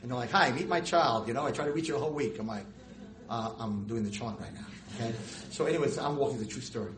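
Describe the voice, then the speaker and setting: A middle-aged man, a rabbi and teacher telling stories in a lecture, animated and jumping high and loud when acting out scenes. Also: racing. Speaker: rabbi and girls' school teacher. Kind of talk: storytelling lecture to an audience. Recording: roomy hall with faint noise.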